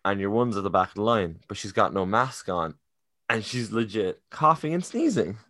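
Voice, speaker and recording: A young man chats loosely on a podcast, swearing and joking at his own expense. His voice sits fairly low. The sound is dry and close. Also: expressive, moderate pace, pushed and bright, no echo. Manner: swearing, self-deprecating storyteller. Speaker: podcast co-host. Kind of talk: casual chat and anecdote.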